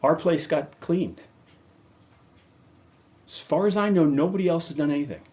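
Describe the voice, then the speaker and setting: A man's voice: fairly high pitch, normal speed, warm tone. A middle-aged man hosting a podcast, ranting angrily and cursing heavily. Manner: profane, heated, emphatic. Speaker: podcast host. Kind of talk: angry rant.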